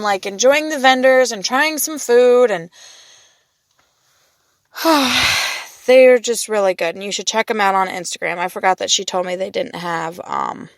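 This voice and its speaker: A woman's voice: medium pitch, no echo. A woman and mother chatting casually about a festival trip, rambling, swearing freely and restarting her sentences. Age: young adult or middle-aged, mother of two daughters. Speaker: vlogger recounting a festival trip. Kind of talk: casual storytelling monologue.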